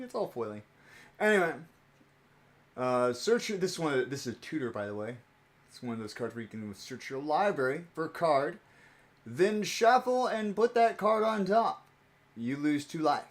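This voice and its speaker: A young man chatting casually on a stream while opening trading cards, rambling and playful and laughing often. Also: medium pitch.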